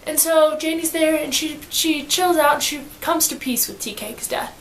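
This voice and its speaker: A woman giving a casual book summary in slangy, animated storytelling, acting out quotes as she goes. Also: high-pitched, normal speed, slight background noise. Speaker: student reviewer.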